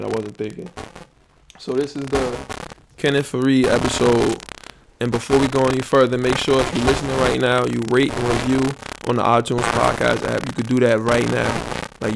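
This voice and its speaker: A man hosting his own podcast in casual solo talk, rambling and slangy with frequent restarts, his energy low. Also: gravelly, background noise. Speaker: podcast host.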